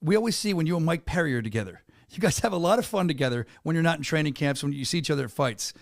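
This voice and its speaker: A man hosting a combat-sports podcast, chatting casually with a guest in an excitable hype-man way and laughing often. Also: fairly high pitch, rapid-fire, vocal fry, no echo, studio quality. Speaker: podcast host and venue announcer. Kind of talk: casual interview chat.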